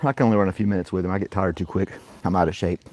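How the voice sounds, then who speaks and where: A man's voice: deep voice, steady tone, racing, darkish tone, slight background noise. A man chatting casually as he plays with his dog in a backyard, giving playful commands and chuckling often. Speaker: vlogger and podcast host. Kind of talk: casual chat while playing with his dog. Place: backyard outdoors.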